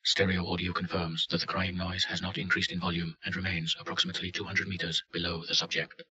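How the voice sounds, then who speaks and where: A man reads a clinical report in a deadpan, very deep monotone. His tone has a hard, forceful edge. The recording sounds dull and lo-fi. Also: fast. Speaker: narrator. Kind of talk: scripted narration.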